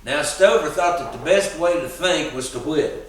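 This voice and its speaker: A man telling a story in a relaxed, folksy way. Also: on the high side, normal speed. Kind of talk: oral storytelling performance. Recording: roomy sound, distant mic.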